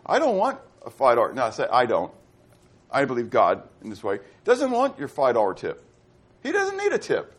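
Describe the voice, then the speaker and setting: A middle-aged man from Pittsburgh preaching a sermon as pastor, quizzing his congregation with fill-in-the-blank questions. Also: mid-range voice. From Pittsburgh, USA.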